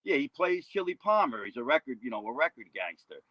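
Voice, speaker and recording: A man's voice: medium pitch, very animated, brisk, no echo, lo-fi sound. A man rambling through a casual livestream chat, often tagging on "you know what I mean".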